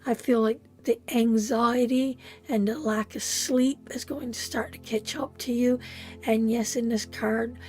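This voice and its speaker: A woman's voice: a little high, steady tone, measured pace, a little mellow, soft background music. A woman giving a live tarot reading, emotional and repetitive, calling the listener sweetheart. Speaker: tarot reader.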